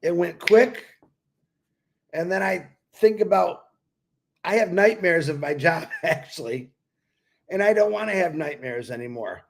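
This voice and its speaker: This co-host, an older retired man with a congested voice, sits high and sounds animated, speaking a little slowly and pausing often. The pre-recorded chat is easygoing and reflective, punctuated by occasional laughter.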